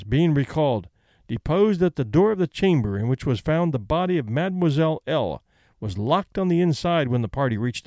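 A man narrating a classic short story aloud, reading witness testimony in a measured, deliberate way. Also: on the high side, mellow, no echo.

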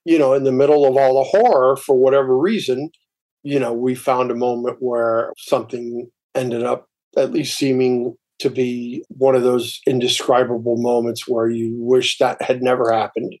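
A man's voice: medium pitch, level tone, normal speed, darkish tone, rough recording. Reflective man groping for words. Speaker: journalist recalling a field assignment. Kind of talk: reflective interview recollection.

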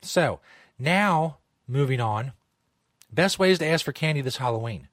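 A man's voice: medium pitch, lively intonation, a little slow, fairly bright tone, dry recording. A man hosting a comedic talk show from a studio, rambling, jokey and profane. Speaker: host.

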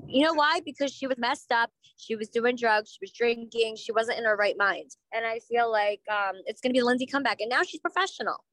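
A woman's voice: a little high, brisk, hardly any pauses, a bit bright, no echo, low-quality recording. A woman co-hosting a podcast in casual chat, blunt and outspoken, swearing freely. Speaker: podcast co-host.

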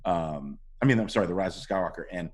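A middle-aged man, an actor, telling animated stories in a casual interview and acting out what people said. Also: deep voice, quick pace, husky. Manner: animated storytelling, acts out quotes. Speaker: actor guest.

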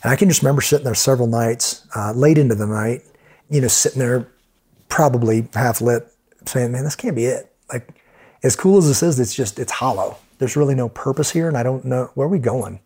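A middle-aged man, a former Navy SEAL, telling stories as a guest in a casual interview, animated and full of restarts. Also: medium pitch, fairly quick, breathy edge. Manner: animated storyteller, frequent restarts.

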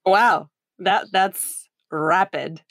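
A woman's voice: mid-range voice, drawn-out words, fairly bright tone, no room sound, studio quality. A woman hosting an interview in a friendly, casual way, laughing often. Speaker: podcast host.

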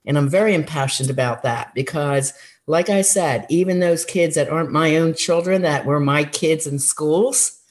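A woman who worked as a school counselor, giving earnest, encouraging advice in a relaxed interview, with frequent fillers. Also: sits low, normal speed. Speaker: former school counselor, guest. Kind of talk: conversational interview answers.

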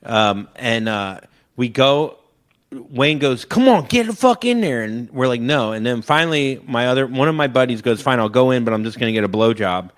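A man's voice: mid-range voice, normal speed. Man telling a wild story on a podcast. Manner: animated storyteller, acts out loud shouted quotes. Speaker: podcast co-host. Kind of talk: casual chat.

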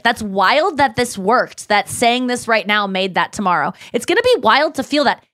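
A woman's voice: fairly high pitch, very animated, moderate pace, few pauses, fairly bright tone, no room sound, clean studio sound. A woman hosting a podcast in casual chat, rambling with lots of "like" and acting out her own thoughts. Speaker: podcast host.

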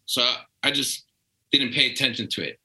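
Comedian guest, New York accent; bright, lively, acts out every quote. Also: male voice, mid-range voice, moderate pace, low-quality recording. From Brooklyn/Long Island, New York. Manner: animated, acts out quoted voices. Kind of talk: casual storytelling.

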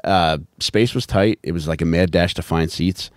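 A man co-hosting a podcast in casual chat, telling stories quickly and with a deadpan edge. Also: low-pitched, no echo, studio quality. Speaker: podcast co-host.

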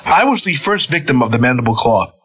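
A middle-aged man, a former wrestler, telling stories on a podcast in a casual, animated way, swearing freely and laughing between lines. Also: medium pitch, fast, rough recording. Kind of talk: casual storytelling.

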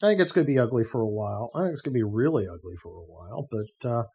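A man's voice: medium pitch, animated, racing, warm tone, slightly rough. A man hosting a podcast, talking casually in a sarcastic, profane rant. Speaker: podcast host. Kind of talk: casual monologue.

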